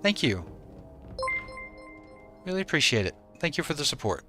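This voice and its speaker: A man's voice: a little high, big pitch swings, moderate pace, pushed and bright, faint music behind. A man streaming a game from home in regional Australia, easygoing as he greets and thanks viewers by name. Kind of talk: live stream chat with viewers.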